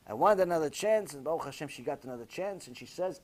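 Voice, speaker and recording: A man, a rabbi, telling a story in a sermon, acting out the people he quotes with big swings from loud cries to hushed tones. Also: on the high side, a little fast, few pauses. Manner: animated, acting out quoted voices with big swings from shouting to near-whisper.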